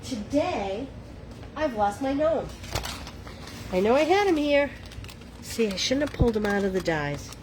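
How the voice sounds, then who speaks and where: A woman's voice: fairly high pitch, sing-song, measured pace, long pauses, noisy background. A middle-aged woman with a Boston accent hosting a live crafting demo, chatting to viewers in a self-deprecating way. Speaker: craft livestream host.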